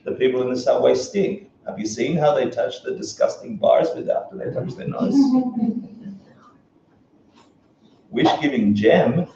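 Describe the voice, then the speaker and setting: A man teaching a relaxed class on Buddhism, joking and laughing often as he talks. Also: mid-range voice, a little fast, creaky, hardly any pauses, distant mic, a little hiss or hum. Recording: echoey dull room recording from afar.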